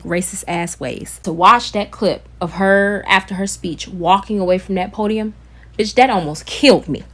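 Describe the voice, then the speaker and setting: A woman speaking at a middling pitch, dramatic and worn out as she vents. Her delivery is profane and exasperated. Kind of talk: emotional social media rant.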